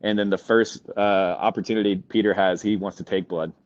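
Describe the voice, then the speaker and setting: A man's voice: fairly low pitch, fairly even intonation, brisk. A man in casual reflective chat, thoughtful and wry, chuckling as he talks. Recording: dull dry call audio.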